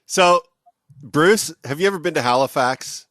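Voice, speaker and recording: A man's voice: a little high, normal speed, fairly bright tone, no echo, clean studio sound. A man hosting a casual podcast, joking, laughing often and swearing. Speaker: podcast host.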